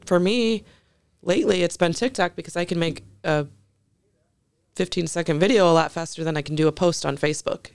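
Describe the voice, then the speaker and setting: A woman, a guest on a podcast, chatting in a relaxed, wry way. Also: on the low side, brisk, smooth, no echo. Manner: relaxed, wry, laughs easily. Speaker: podcast guest, craft creator. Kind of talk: casual chat. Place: podcast studio.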